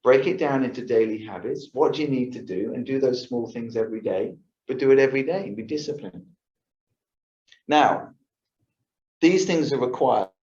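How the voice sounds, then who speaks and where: A man's voice: medium pitch, normal speed, a little mellow. A man giving a casual lifestyle talk to a yoga class, acting out his own thoughts and often checking in with the audience. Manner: chatty, acts out his own thoughts, asks the audience "right?". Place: yoga studio. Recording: roomy, dull lo-fi sound.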